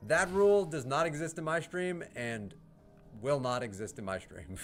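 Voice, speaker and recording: A man from the United States chatting on a livestream, answering chat, ranting heatedly and swearing with laughs in between. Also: a little high. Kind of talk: casual livestream chat, reading chat.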